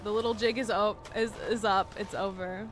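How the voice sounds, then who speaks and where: A woman streaming a video game live, chatting with viewers and breaking into loud yells and laughter. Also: mid-range voice, moderate pace, faint music behind. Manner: animated, bursts into yelling and laughter. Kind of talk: live gameplay commentary.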